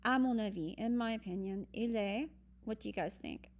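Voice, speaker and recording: A woman walks through a recorded online French lesson, patiently explaining each step and saying "um" often. Her voice is mid-range and her speed normal.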